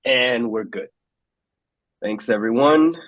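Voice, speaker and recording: A man hosting an online meetup, relaxed and halting, with plenty of fillers, on a video call. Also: medium pitch, no echo. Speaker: meetup host. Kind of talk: casual hosting.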